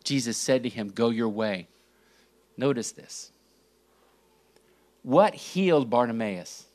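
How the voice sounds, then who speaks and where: A male preacher gives an animated Bible teaching at a slow, deliberate pace, his voice dropping low and quiet before rising sharply for emphasis. He reads scripture verses aloud and breaks them up with rhetorical questions, swinging dramatically in pitch and volume.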